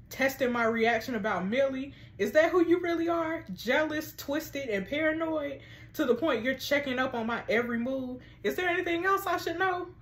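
A defensive, accusing boyfriend who turns every question back on his girlfriend, as a woman reads his text messages aloud. The lines come in a high, lively voice with plenty of movement. The room around the voice rings with a clear echo. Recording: roomy echo.

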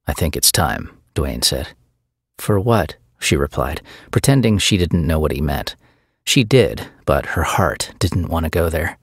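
A man narrating an audiobook with a measured storytelling delivery. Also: sits low, dry recording, studio quality.

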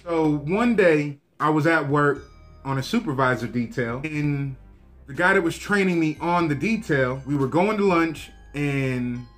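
Male vlogger, slightly high voice, relaxed slangy show-and-tell delivery. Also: unhurried, soft background music. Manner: laid-back, slangy, talks to viewers directly. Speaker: gun review vlogger. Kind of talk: casual show-and-tell review.

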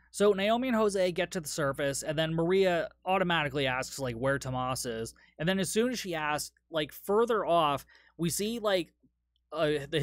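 A man's voice: fairly high pitch, no room sound. A man hosting a solo podcast, recapping a movie in a casual, rambling, profane way, tired after a long day. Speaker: podcast host.

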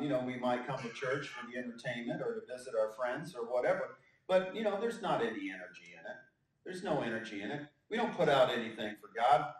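A male pastor giving a conversational sermon with joking asides and frequent fillers. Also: medium pitch. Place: church sanctuary. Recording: echoey church hall, mic at a distance.

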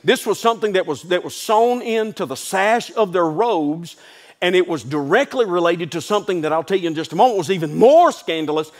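A man's voice: sits high, expressive, fairly quick. A man pastor preaching a sermon, telling folksy stories and building to emphatic declarations. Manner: folksy asides, calls listeners "son".

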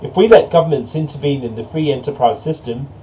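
A man narrating a storybook fable in a measured, moralising way. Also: mid-range voice, mellow, a little hiss or hum, poor audio. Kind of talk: storybook narration, then preachy commentary.

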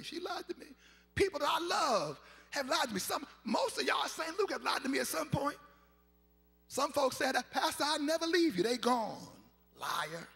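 A man, a pastor preaching a sermon in a chanting, sing-song style that builds to shouts, recorded live in a large church. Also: very high voice, big pitch swings, normal speed, vocal fry. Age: 50s. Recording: live church recording with long reverb and faint organ.

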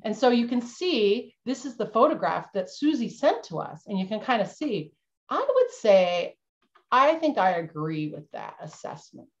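A woman presenter giving a playful, animated storytelling lesson for families over a video call. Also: on the high side, normal speed. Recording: dull lo-fi video-call audio.

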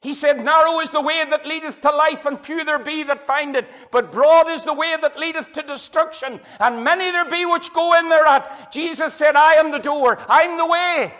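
A middle-aged man with a Northern Irish accent preaching an evangelistic sermon in a church hall. His delivery is impassioned, swinging from loud to hushed as he quotes old-fashioned scripture. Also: extremely high pitch, steady tone, normal speed, hardly any pauses.

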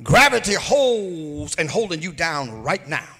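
A pastor preaching a sermon, rising into sung and shouted peaks, recorded in a church sanctuary. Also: male voice, fairly high pitch, sing-song, a little slow, breathy edge. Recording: hall reverb from a church livestream.

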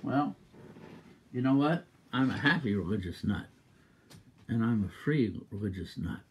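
A man preaching a sermon as a minister, exuberant and emphatic, repeating exhortations and breaking into loud rhythmic laughter. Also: lowish voice, animated, unhurried, slight background noise.

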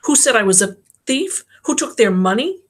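A money-obsessed teenage girl, shrill and defiant, as a woman narrating puts her on. Her voice leaps high and loud above the narration. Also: very animated, normal speed.

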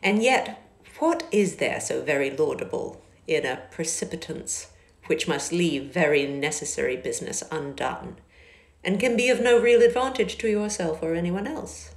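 A woman reading a novel aloud and voicing a proud, reserved young gentleman, speaking low, quietly and curtly. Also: animated, moderate pace, vocal fry. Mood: cool. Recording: echoey car interior.

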